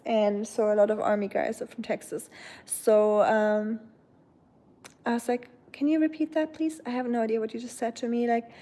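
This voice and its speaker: Woman, casual live-stream chat, slightly high voice, rambling with fillers. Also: warm tone. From Germany. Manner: rambling, many filler likes.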